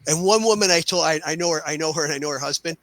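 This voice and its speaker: A man's voice: fairly high pitch, very fast, dry recording, poor audio. A man who teaches martial arts, chatting casually on a podcast and telling stories with the dialogue acted out. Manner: lively storyteller who acts out dialogue.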